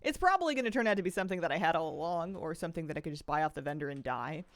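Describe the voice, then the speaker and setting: A woman's voice: low voice, animated, rapid-fire, no echo. A woman from the Pacific Northwest streaming a game, chatting casually and rambling, with a slight lisp and frequent sighs. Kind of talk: casual chat while gaming.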